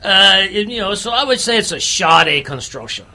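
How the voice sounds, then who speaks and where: A man's voice: high-pitched, expressive, normal speed, bright, forceful tone, full character voice. A man doing a put-on bayou gator-hunter voice for a comic cigar review, rambling with lots of fillers. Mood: deadpan rambling. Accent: put-on Southern bayou drawl. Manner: rambling with many "you know" fillers.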